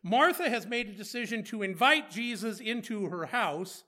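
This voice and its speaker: A man's voice: high voice, lively intonation, moderate pace, pushed and bright. A man preaching a conversational sermon, asking rhetorical questions and slipping in playful asides.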